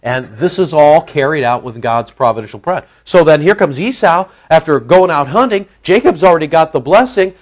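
A man's voice: fairly high pitch, animated, moderate pace, hardly any pauses, lo-fi sound. A man preaching an expository sermon, teaching verse by verse and acting out the characters' voices as he tells the story. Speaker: pastor.

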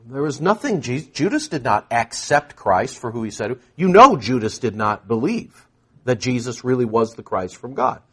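A man preaching a sermon, shifting from hushed asides to loud, stressed peaks and repeating words for emphasis. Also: mid-range voice, very animated, normal speed, husky.

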